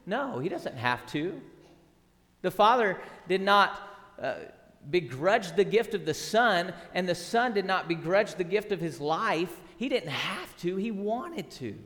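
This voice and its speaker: A man's voice: high voice, very animated, unhurried, a bit bright. A middle-aged man preaching a sermon as pastor, earnest and emphatic, with repeated words and rhetorical questions. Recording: long hall reverb.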